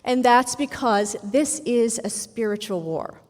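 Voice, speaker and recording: A woman speaking from a ballroom stage, her fairly high voice ringing with a long hall reverb. She talks in an earnest, encouraging way, full of faith. Her speech builds to rallying lines and then settles to a warm thank-you. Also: lively intonation, measured pace. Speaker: sponsor representative speaking at a summit. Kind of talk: motivational speech.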